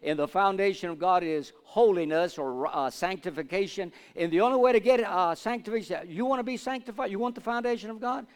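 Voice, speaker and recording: A man preaching as a pastor, asking the congregation for amens and building to loud fervent declarations. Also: high voice, a little fast, few pauses. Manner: repetitive call-and-response, asks for amens. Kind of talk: sermon. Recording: long hall reverb.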